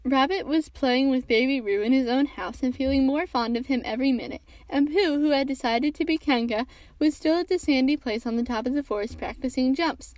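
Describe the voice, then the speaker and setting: A woman reading a children's storybook aloud in a gentle, expressive way for a podcast. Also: high-pitched, a little fast, no echo, low-quality recording. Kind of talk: storybook read-aloud narration.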